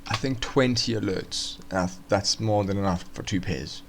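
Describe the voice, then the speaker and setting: A man's voice: on the low side, moderate pace, creaky, noisy background. A man casually walking through forex charts on a live stream, thinking aloud with fillers and restarts.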